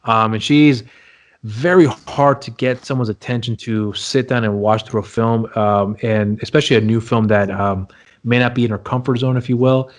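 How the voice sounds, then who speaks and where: A man's voice: mid-range voice, fairly even intonation, normal speed. A man co-hosting a laid-back movie review podcast. He talks in a loose, rambling way and circles back over his own points. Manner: rambling, repeats himself, plugs socials. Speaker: podcast co-host. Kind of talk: casual movie review chat.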